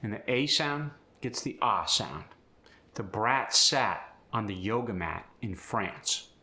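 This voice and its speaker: Unhurried male accent coach. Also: on the low side, lively intonation, sharp tone. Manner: explains sounds step by step, then reads an example sentence. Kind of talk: accent tutorial.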